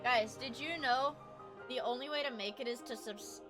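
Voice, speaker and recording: A young adult woman streamer chatting casually while reacting to videos, playful and loud, swearing and often shouting. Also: a little high, normal speed, music in the background.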